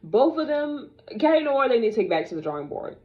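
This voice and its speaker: A woman's voice: on the high side, brisk, muffled recording. Sassy young woman ranting to camera. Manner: animated, sassy, talks straight to viewers. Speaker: vlogger reviewing dolls. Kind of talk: casual opinionated chat to camera.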